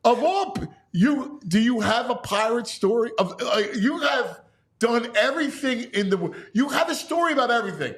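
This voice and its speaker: A man's voice: very high voice, lively intonation, normal speed, fairly bright tone. A man hosting a sports radio show, asking playful questions with stammering restarts. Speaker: show host. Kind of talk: casual radio chat.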